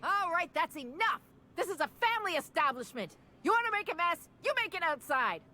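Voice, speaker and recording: A woman's voice: on the low side, animated, moderate pace, natural voice. An actress voicing a stern, weary female tavern keeper in a video game, firm and motherly.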